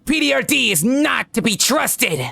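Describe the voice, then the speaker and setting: A man voicing a paranoid conspiracy-minded forum user who shrieks his warnings in a frantic, drawn-out way. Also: very high-pitched, animated, creaky, sharp tone, no echo, voice pushed up, exaggerated voice.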